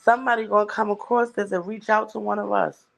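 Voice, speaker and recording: A woman's voice: mid-range voice, steady tone, fast, creaky, a little hiss or hum. Blunt, swearing woman. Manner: blunt, heavy swearing, emphatic. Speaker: livestream host. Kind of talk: casual chat.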